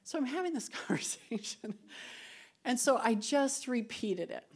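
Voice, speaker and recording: Speaking a little high and expressively, with a breathy edge and an unhurried pace, a women's Bible study speaker delivers a sincere, conversational devotional that closes in prayer. Emotion rises at times; she grows tearful, laughs through tears, and shifts between quiet and loud.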